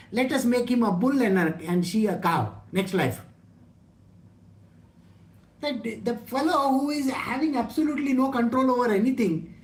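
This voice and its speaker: A teacher leads a satsang discourse at a mid pitch. The talk is casual and full of rhetorical questions. The room adds a noticeable echo. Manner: conversational, asks rhetorical questions, jokes. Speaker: spiritual teacher. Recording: roomy echo.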